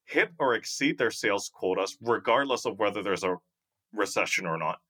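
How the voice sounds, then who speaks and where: A man's voice: lowish voice, expressive, normal speed, pushed and bright. A man hosting an interview, asking rambling questions and laughing now and then. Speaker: podcast host.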